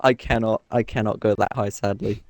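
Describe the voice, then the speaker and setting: A man chatting on a game stream, halting and self-deprecating as he rambles through explanations. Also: on the low side, steady tone, dry recording, studio quality, faint music behind. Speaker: co-player on stream. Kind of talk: casual gaming chat.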